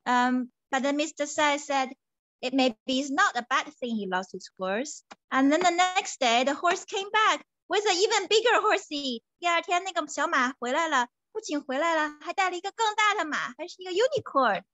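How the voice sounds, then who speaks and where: A woman teacher telling a children's story in an animated, sing-song way, switching between English and Mandarin. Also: very high voice, a little fast, hardly any pauses.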